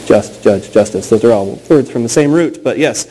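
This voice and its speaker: A man in his thirties delivers a sermon in an easy, conversational voice of ordinary pitch. He tells stories with plenty of small fillers, then slows down and repeats the key lines to drive them home. A faint hiss of background noise sits under his voice. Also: lively intonation, dark tone, low-quality recording. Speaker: pastor.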